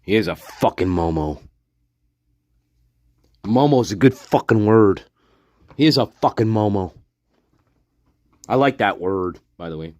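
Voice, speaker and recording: A man's voice: lowish voice, animated, darkish tone, dry recording, clean studio sound. A man giving angry true-crime commentary, profane and contemptuous, dragging out his insults. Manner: profane, contemptuous, name-calling; slow, drawn-out insults.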